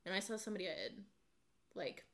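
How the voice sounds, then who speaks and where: A young woman in her twenties co-hosts a casual podcast chat, her voice bright and forceful. She rambles through stories with plenty of "like" fillers and acts out the quotes herself. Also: mid-range voice, animated, fast talker. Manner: chatty storyteller, many "like" fillers, acts out quotes. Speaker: podcast co-host.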